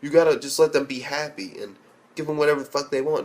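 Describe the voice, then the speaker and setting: A man's voice: fairly high pitch, fast talker. A young man ranting bluntly and profanely in an anime review, rambling with restarts. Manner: profane and blunt, heavy swearing.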